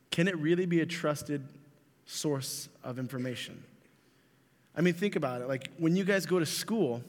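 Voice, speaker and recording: A young man giving a youth sermon, telling funny stories and speaking directly to his listeners in an animated way. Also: a little high. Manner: animated, jokey storyteller who addresses the audience directly. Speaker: youth pastor. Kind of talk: youth sermon with comic storytelling. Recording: reverberant hall.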